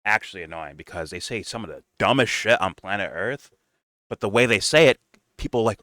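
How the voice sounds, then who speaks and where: A man's voice: fairly low pitch, animated, fairly quick, sharp tone, no room sound, clean studio sound. A man co-hosting a casual commentary chat, sarcastic and swearing, laughing often as he mocks people. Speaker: podcast co-host.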